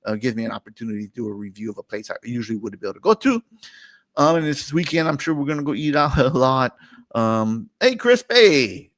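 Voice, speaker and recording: A man's voice: medium pitch, quick pace, no room sound. A middle-aged man, hosting a casual, rambling food chat stream and laughing often. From New Orleans area. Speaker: host.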